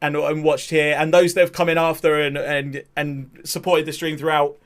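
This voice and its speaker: A man hosting a live watch-along stream, chatting excitably to his viewers. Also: on the high side, moderate pace. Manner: excitable, talks to chat.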